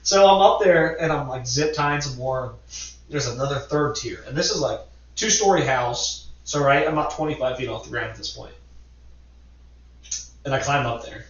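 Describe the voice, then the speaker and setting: A man's voice: mid-range voice, moderate pace, far from the mic. Rambling man in an echoey room. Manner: animated, rambling storyteller who swears. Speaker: podcast co-host. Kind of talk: casual chat. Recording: echoey, dull lo-fi room sound, off mic.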